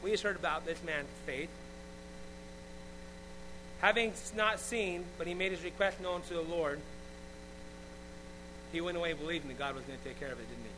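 A man's voice: a little high, normal speed, pauses often, noisy background. A middle-aged man, a pastor, preaching a conversational sermon full of questions and asides. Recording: echoey church hall, from a distance.

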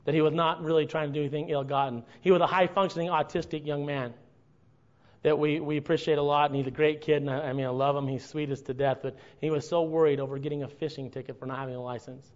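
A man preaching a sermon to his congregation, earnest and building to impassioned, drawn-out emphasis. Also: fairly high pitch, fairly even intonation, muffled recording. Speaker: pastor.

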